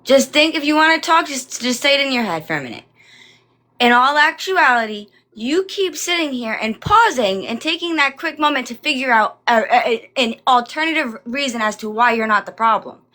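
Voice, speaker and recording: A woman's voice: sits high, lively intonation, moderate pace, pushed and bright. A woman on a group voice call who lectures someone in a preachy, emphatic way and repeats herself. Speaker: call participant confronting a streamer.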